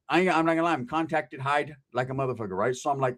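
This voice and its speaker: A man and former convict telling a story in casual, profane street slang, animated, swearing and laughing at his own jokes. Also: medium pitch, racing.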